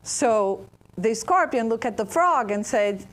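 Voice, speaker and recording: Slow-talking woman giving a spiritual talk. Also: fairly high pitch, animated. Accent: Brazilian Portuguese. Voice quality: halting, searching for words, asks the audience. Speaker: speaker at a spiritist center.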